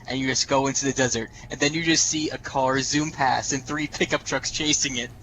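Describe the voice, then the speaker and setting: A man's voice: medium pitch, fairly even intonation, fairly quick, pushed and bright, a little hiss or hum, rough recording. A man co-hosting a casual wrestling podcast, jokey and explaining things to listeners. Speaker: podcast co-host.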